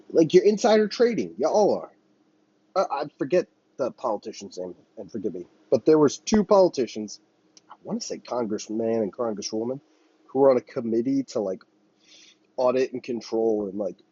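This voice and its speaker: A man delivers a solo commentary rant, swearing freely and wandering from point to point. His husky voice swings widely up and down. The recording is dull and lo-fi, with a dry sound. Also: medium pitch, warm tone, no echo. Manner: profane, heated, rambling. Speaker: podcast host.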